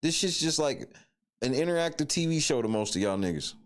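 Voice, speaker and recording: A man's voice: on the high side, lively intonation, a little fast. A man co-hosting a livestream, giving blunt, profane casual commentary on viral videos. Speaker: livestream co-host.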